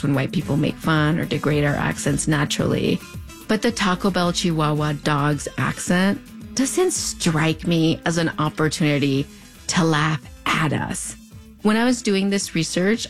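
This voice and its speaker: Lowish-voiced woman w/ a fronterizo border accent, wry chatty narration, playful asides. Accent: US-Mexico border (fronterizo). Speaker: host. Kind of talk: scripted narration.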